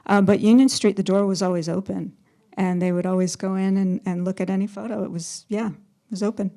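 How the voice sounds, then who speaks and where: A woman's voice: medium pitch, steady tone, fairly quick, dark tone. A woman photographer telling stories as a panel guest, chatty, laughing often and acting out quotes. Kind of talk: storytelling on a panel.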